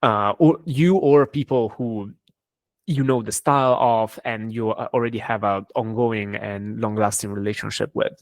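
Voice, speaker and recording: A man speaking as a guest in an interview, answering thoughtfully with frequent pauses and restarts. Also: lowish voice, steady tone, no room sound. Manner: thoughtful, hesitant with many fillers and restarts. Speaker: cryptography engineer and guest.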